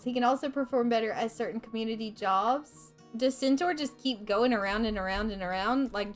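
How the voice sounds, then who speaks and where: A woman hosting a let's play, talking chattily through her game, reading on-screen text aloud and reacting openly and emotionally. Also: fairly high pitch. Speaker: gaming channel host.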